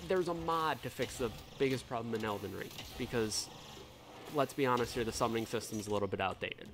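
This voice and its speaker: A man's voice: medium pitch, a little fast, noisy background. Male gamer vlogger, mid-range voice, worked-up rant with loose swearing. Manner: animated, heated, swears freely. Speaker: gaming video creator. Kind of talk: casual ranting commentary.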